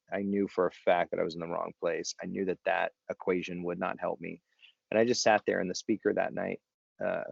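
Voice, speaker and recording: Low, gravelly man telling a story. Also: dry recording. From Los Angeles area. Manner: candid, rambling with fillers and restarts. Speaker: podcast guest. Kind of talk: storytelling in casual conversation. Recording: dry, dull lo-fi sound.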